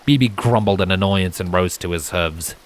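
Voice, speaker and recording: A man narrating a fanfiction story in a calm, steady read-aloud manner. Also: low-pitched, moderate pace. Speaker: fanfiction reader.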